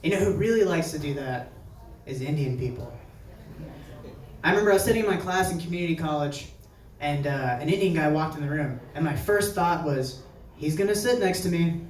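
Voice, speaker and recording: A man's voice: a little high, brisk, far from the mic, a little hiss or hum. Young man doing stand-up in an echoey room. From New Jersey. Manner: conversational, animated voices for quoted people. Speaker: stand-up comedian. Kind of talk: stand-up set. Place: brewery at a live show. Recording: echoey venue heard from afar.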